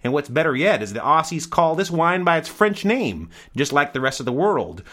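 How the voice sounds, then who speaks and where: A man's voice: mid-range voice, sing-song, normal speed, few pauses, fairly bright tone. A man hosting a comic wine review show, talking in a sarcastic, brash, mock-outraged way.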